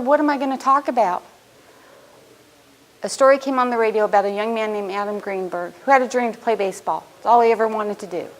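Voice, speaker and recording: A woman's voice: on the high side, rough recording. Earnest woman in her fifties giving a speech. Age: 50s. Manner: earnest, heartfelt storytelling. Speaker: student graduation speaker. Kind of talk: prepared personal speech.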